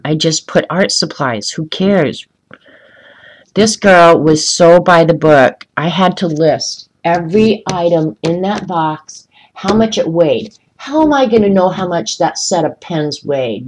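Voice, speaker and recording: Coloring art on a laid-back live stream, this woman chats and rants while responding to viewers by name. Her voice is lowish, and the recording is rough.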